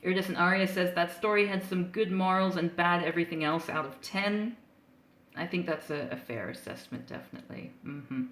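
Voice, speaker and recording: A woman's voice: fairly low pitch, fairly quick, fairly bright tone, echoey room. A woman live streamer chatting casually with her viewers, playful and giggly as she reacts to their comments. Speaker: live streamer reading comics.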